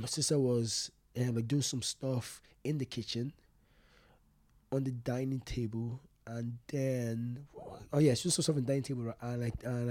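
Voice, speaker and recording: A young man telling a personal story as an interview guest, rambling and halting with many fillers and restarts. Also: medium pitch, warm tone, no echo. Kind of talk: casual interview talk.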